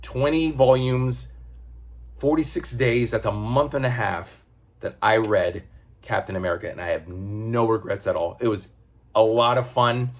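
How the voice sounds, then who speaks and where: A man's voice: on the low side, measured pace, highs cut off. A man giving a casual, rambling comic book review, loose and profane.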